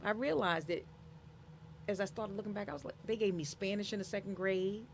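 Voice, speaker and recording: Woman author, casual interview, animated, motivational, mid pitch, faint background noise. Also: a little fast. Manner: animated storyteller, acts out quoted voices; emphatic, motivational.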